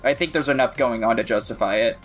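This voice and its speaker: A man's voice: medium pitch, fast, over music. A man co-hosting a casual movie review podcast, reasoning aloud through the plot's what-ifs. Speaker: podcast co-host.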